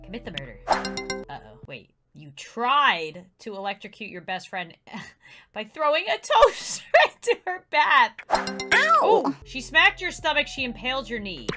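A young woman giving playful commentary while she plays a life-sim game, swinging from loud mock outrage to low muttering. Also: big pitch swings, normal speed, over music. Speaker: gaming YouTuber.

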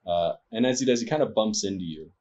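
A man runs a tabletop game, narrating in a hesitant way with frequent fillers. His voice is husky and lowish, and his mic sounds dull and lo-fi. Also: lively intonation, fast talker, a little mellow. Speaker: game master.

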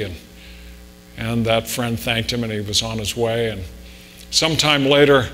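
A male pastor talks his way through a story and then a prayer, stopping to repeat and restart his words. His voice sits at a middle pitch and rings out with a long hall reverb. A faint mains hum runs underneath. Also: pushed and bright. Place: church sanctuary.

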